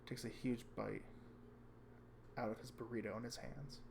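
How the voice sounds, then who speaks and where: A man reading a visual novel aloud with calm first-person narration. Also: medium pitch, moderate pace, gravelly, noisy background. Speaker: reader.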